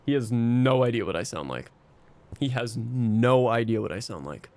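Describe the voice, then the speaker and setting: A man's voice: medium pitch, expressive, moderate pace, darkish tone. A man streaming and chatting casually with his viewers, rambling and self-mocking, swearing often.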